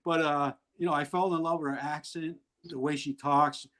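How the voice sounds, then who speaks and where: A man's voice: on the high side, level tone, normal speed, fairly bright tone, poor audio. A middle-aged man speaking over a video call with a slightly raised voice. He rambles bluntly through his stories and keeps laughing at himself along the way. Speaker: guest. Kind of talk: candid storytelling in an interview.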